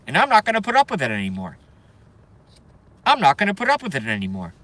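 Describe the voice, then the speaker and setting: A man's voice: on the high side, wildly swooping pitch, fast, pauses often, sharp tone, no room sound. A man ranting live from his car, profane and exasperated, reacting to his viewers. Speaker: host. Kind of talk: live rant.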